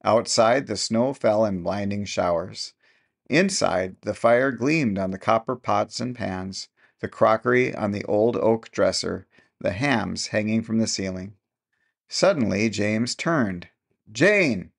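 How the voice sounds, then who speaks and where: A male narrator reads a classic short story in a measured, unhurried storytelling manner. His voice sits low and has a gravelly, fry-touched texture. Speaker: audiobook narrator. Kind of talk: scripted narration.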